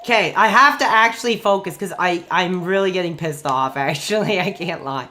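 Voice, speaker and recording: A man in his forties talks casually to his stream audience while gaming. His voice sits fairly high and rings bright and forceful. He rambles and gets worked up easily. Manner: excitable, rambling, quick to get worked up. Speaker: live streamer.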